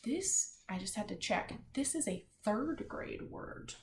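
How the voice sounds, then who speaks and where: A woman teacher giving a children's word lesson, slowly spelling and reading words aloud and giving gentle drawing instructions. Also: medium pitch, lively intonation. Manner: slow, gentle classroom instruction with spelled-out letters. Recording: echoey room with faint noise.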